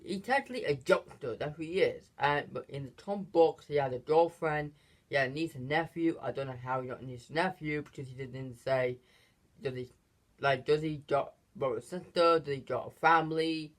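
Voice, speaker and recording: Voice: medium pitch, brisk. A channel host giving a casual, unscripted movie review, rambling with lots of fillers and restarts and giggling often between phrases.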